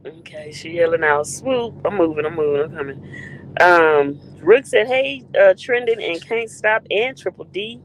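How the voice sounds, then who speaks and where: Lively woman greeting her stream chat. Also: fairly low pitch, moderate pace, a little hiss or hum, rough recording. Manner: greets chat viewers by name, playful. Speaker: live stream host. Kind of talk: casual live stream chat.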